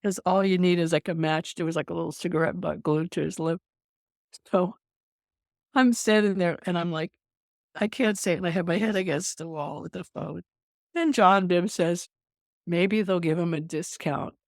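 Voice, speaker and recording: An older woman with a gravelly, creaky edge tells stories in a close, dry recording. She is an animated storyteller, laughing as she goes and restarting her sentences as a veteran nurse guesting on a podcast. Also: on the low side, normal speed, no room sound. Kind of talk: casual storytelling interview.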